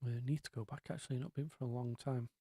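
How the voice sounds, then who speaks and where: A man chats his way through a casual live stream, wandering off on tangents. His voice is mellow and low-key, recorded close and dry with no room sound. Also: steady tone, fast talker, slightly rough, no echo. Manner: rambling, chatty, lots of ums and asides.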